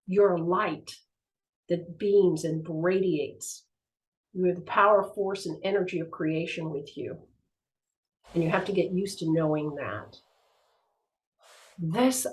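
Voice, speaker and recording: A woman's voice: fairly low pitch, rough recording. A woman giving a spiritual teaching talk, telling personal stories with animation and acting out the voices in them. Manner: animated storytelling, acts out the voices in her stories.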